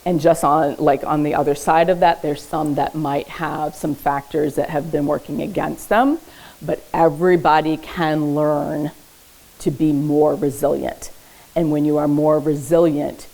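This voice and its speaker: A woman's voice: low-pitched, steady tone, a little slow, vocal fry, warm tone, rough recording. A woman therapist giving a casual parenting talk at a library event. She speaks conversationally, keeps checking in with the audience with "okay?", and adds light humor. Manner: uses light humor while teaching. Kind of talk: informal educational presentation. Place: public library event room.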